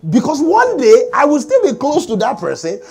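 A middle-aged man preaching a sermon as pastor, animated and calling for amens from the congregation. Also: extremely high pitch, normal speed. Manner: animated preaching with call-and-response.

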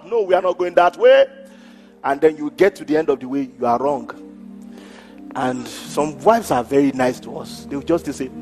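A man's voice: a little high, very animated, normal speed. A man pastor preaching a sermon in a church hall, acting out the people he quotes and laughing between his points. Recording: church hall with long reverb and faint music.

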